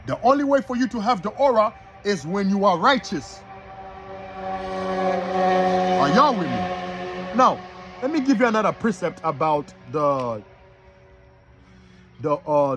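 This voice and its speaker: A man teaching from the Bible like a preacher, reading verses slowly and asking the listeners if they are following him. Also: sits high, expressive, over music. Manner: reads verses slowly and repeats them. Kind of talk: street-style bible teaching.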